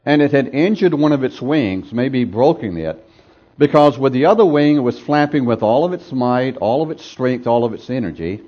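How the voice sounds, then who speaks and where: Male preacher, mid-pitched, emphatic repetition, calls for congregation responses, dull muffled recording. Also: lively intonation, normal speed. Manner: emphatic, repeats phrases for effect. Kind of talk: sermon.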